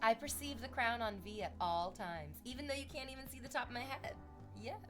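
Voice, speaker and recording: A woman's voice: on the high side, animated, a little fast, over music. Sarcastic, rambling young streamer woman. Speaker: livestreamer chatting with viewers. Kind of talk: casual stream chat.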